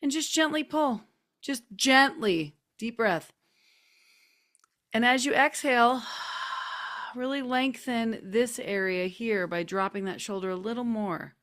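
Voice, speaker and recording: A woman hosting a group video call, chatty and gently coaxing as she guides a neck stretch with soft, drawn-out cues. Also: on the high side. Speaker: host leading a group session. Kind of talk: casual guided stretching instruction. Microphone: computer mic on a video call.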